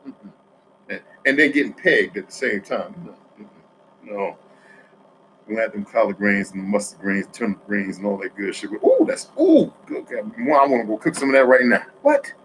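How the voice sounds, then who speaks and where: A man from New Jersey talking in a rambling, profane monologue, swinging between loud outbursts and quiet asides. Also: lowish voice, very animated, moderate pace, slight background noise, rough recording.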